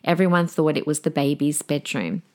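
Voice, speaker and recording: A woman's voice: deep voice, moderate pace, a little mellow. A woman hosting a podcast, talking earnestly and with emphasis, and acting out imagined conversations. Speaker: podcast host. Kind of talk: impassioned monologue.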